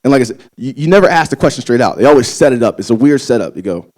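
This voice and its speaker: A man's voice: medium pitch, lively intonation, rapid-fire, darkish tone. A young man working a crowd in a stand-up set, talking loosely and swearing freely as he spins his stories. His delivery is casual and conversational, in a live comedy venue. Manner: loose, profane, conversational storytelling.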